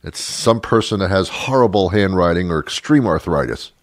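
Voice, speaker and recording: Man, middle-aged, show host, comedic rant, sardonic, rambling, deep voice, dry close sound. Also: lively intonation, moderate pace, no echo. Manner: rambling, sardonic, chuckles at his own jokes.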